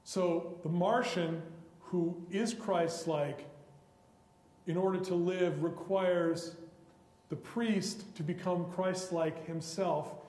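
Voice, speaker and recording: A man lectures from the stage of a college auditorium, his fairly high voice ringing through a large, echoing hall with a long tail of reverb. He tells the stories with animated flair and slips into the characters' voices for their lines. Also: takes it slowly. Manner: animated storytelling, acting out quoted characters. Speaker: guest lecturer. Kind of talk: public lecture on literature.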